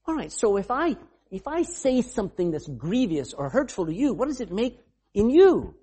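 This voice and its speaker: Husky preacher, lively swooping delivery. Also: male voice, high-pitched, normal speed. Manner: calls on readers and questions the congregation; bursts into shouting for emphasis. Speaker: pastor. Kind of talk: sermon.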